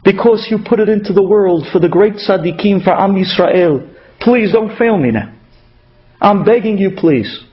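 A humble, poor woman speaks earnestly and pleads, voiced by a man with a high voice in a religious talk. The recording is dull and lo-fi. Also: moderate pace, lightly acted. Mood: pleading. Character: humble poor woman, a water carrier's wife.

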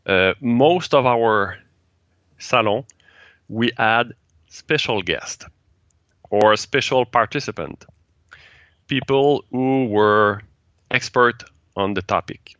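A man from Quebec with a French-Canadian accent, a native French speaker being interviewed about the events he organizes, speaking halting English and searching for words. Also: mid-range voice, fairly bright tone, dry recording, highs cut off. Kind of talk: casual interview chat.

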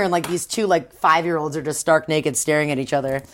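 A woman's voice: low-pitched, steady tone, fast, hardly any pauses, fairly bright tone, slight background noise. A woman co-hosting a casual book discussion, chatty and profane as she recaps the plot. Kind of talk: casual chat.

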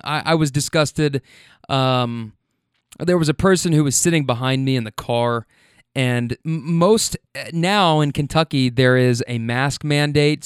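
A man working as a rideshare driver, telling stories in an animated way, swearing freely and using plenty of fillers. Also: on the high side, smooth, no room sound, studio quality. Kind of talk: casual storytelling.

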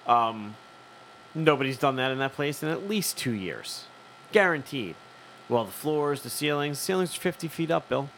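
A man's voice: mid-range voice, expressive, normal speed, fairly bright tone, slight background noise. A man, co-hosting a casual chat and acting out both sides of a profane story. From Philadelphia. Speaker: podcast co-host.

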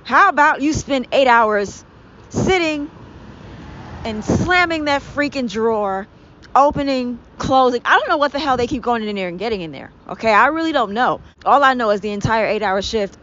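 A woman's voice: on the high side, normal speed, a bit bright. A woman hosting her own podcast, ranting sarcastically and with exasperation about annoying coworkers, swearing freely as she goes. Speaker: podcast host. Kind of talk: ranting monologue. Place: vehicle with traffic outside. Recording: dull lo-fi sound with faint street noise.

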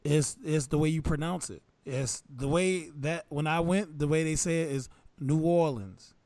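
A man's voice: fairly high pitch, fairly even intonation, moderate pace, darkish tone. A man co-hosting a podcast in casual chat, laid-back and playfully teasing. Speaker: podcast co-host.

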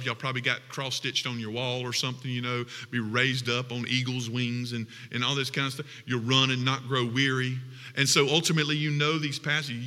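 A man's voice: mid-range voice, bright, forceful tone, in a large hall. A man preaching a sermon as pastor, repeating phrases for emphasis.

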